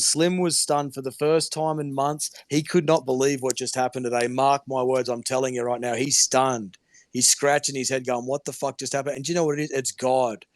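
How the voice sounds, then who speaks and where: A man's voice: medium pitch, dry recording, studio quality. A man hosting an online audio chat room, talking in a heated, profane, preachy way and cutting in on others, over a phone mic.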